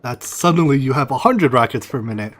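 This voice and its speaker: A man's voice: mid-range voice, lively intonation, brisk, fairly bright tone. A man streaming a game, chatting and musing aloud as he plays, his voice tired and strained. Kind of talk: casual gameplay commentary.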